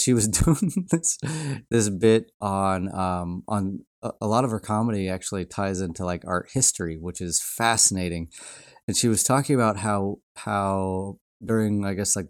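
A man's voice: fairly low pitch, no room sound, studio quality. A man hosting a podcast, talking through ideas in a casual, rambling way with many fillers and restarts. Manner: rambling, frequent fillers and restarts, laughs often. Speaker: podcast host. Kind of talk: casual reflective monologue.

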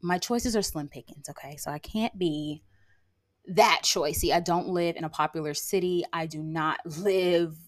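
A woman's voice: on the low side, moderate pace. A woman hosting her own podcast in a casual monologue, sassy and emphatic, constantly checking in with "okay?" and "like". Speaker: podcast host; lash artist and brow tattooer. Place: rural area.

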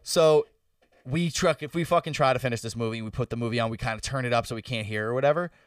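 Animated young man telling stories. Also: medium pitch, fast talker, clean tone, no room sound, far from the mic. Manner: animated storyteller, swears a lot. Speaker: podcast co-host. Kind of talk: casual chat. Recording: dry, a bit off-mic.

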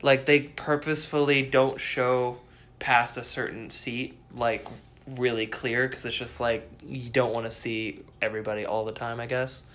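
A man chatting casually, telling stories in an animated way with frequent laughs. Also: medium pitch, normal speed. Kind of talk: casual chat.

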